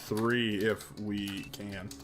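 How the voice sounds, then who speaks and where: A man streaming a strategy game live, chatting and thinking aloud excitably as he plays. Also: lowish voice, drawn-out words, music in the background.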